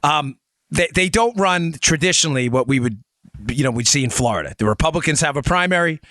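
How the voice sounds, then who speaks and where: A man hosting a political talk podcast, talking casually and animatedly, with quick asides and sudden raised emphasis. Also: dry recording, studio quality. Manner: animated, conversational, swings between low asides and high emphasis. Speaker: podcast host. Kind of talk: political talk show with ad read.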